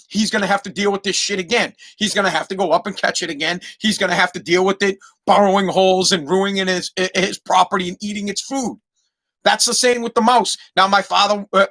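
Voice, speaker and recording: High-voiced guy ranting on his podcast, cussing, keeps stumbling over his words. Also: bright, forceful tone. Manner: heated, swearing, repeats words when stumbling. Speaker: podcast host. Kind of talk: casual profane rant.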